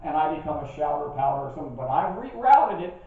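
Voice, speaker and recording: An older man preaching a sermon as a pastor, telling stories with lively asides to his listeners. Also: on the high side, quick pace. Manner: animated storytelling with asides to the congregation. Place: church sanctuary. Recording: distant, dull church recording with heavy echo.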